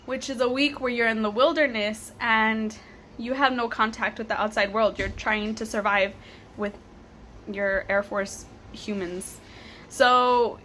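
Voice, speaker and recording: A young woman in her twenties telling a personal story to camera, animated and laughing, with casual swearing. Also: fairly high pitch, slight background noise. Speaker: vlogger.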